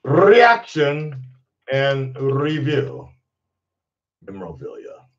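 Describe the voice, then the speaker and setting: A man's voice: medium pitch, sing-song, drawn-out words, dull audio. A man hosting his own channel, chatting casually, rambling and swearing freely and breaking into laughter. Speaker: channel host. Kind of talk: casual livestream chat.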